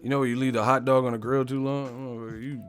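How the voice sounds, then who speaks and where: A man with an American accent chatting on a live stream, with a middle-pitched, everyday voice. He tells funny stories loosely and profanely, laughs through them, and drops into small impressions. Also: little pitch movement, fast, faint music behind. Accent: US English. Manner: profane, joking storyteller who laughs a lot. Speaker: boxing live-stream host. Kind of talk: casual live-stream chat.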